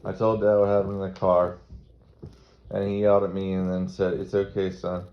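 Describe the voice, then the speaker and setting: A man's voice: low-pitched, monotone, fairly quick. A man from Maryland telling a rambling, crude stand-up story. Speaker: comedian. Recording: dull lo-fi recording with faint noise.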